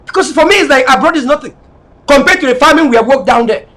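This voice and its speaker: Fiery middle-aged Cameroonian man, high bright voice, shouts his political speech. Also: expressive, fast. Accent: Cameroonian English. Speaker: political leader.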